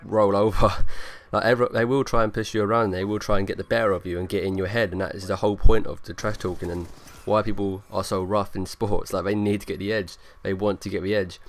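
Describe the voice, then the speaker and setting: Young guy talking fast over his gameplay, kinda low voice, rambly with lots of likes. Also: little pitch movement. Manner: rambling, filler-heavy, talks over gameplay. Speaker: gaming YouTuber. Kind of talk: gameplay commentary.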